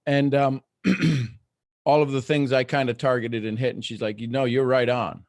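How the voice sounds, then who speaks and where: A man's voice: medium pitch, steady tone, normal speed, dry recording, studio quality. A middle-aged man hosting a live online coaching talk, speaking earnestly with many restarts as he explains his points. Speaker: host.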